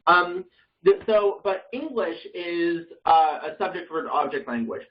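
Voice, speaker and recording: A man's voice: sits high, expressive, a little slow, distant mic, dull audio. A man leading an online Bible study class, explaining grammar casually with many fillers and self-corrections.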